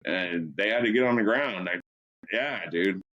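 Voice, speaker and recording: A man's voice: low voice, a little slow, sharp tone. A man who is a paranormal investigator, talking in laid-back casual chat, often saying dude and bro. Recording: dull lo-fi sound.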